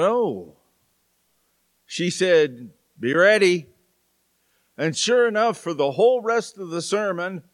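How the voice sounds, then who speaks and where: Slow-speaking pastor preaching a sermon. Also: male voice, high-pitched, fairly bright tone. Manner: slow, storytelling delivery with dramatic pauses. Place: church sanctuary.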